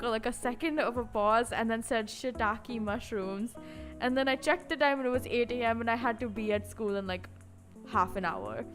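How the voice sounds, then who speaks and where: A woman with a slightly high voice chats loosely on a live stream. She wanders from thought to thought, leaning on filler words. Soft music hums faintly underneath. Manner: rambling, chatty, full of "like" fillers. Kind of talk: casual live-stream chat.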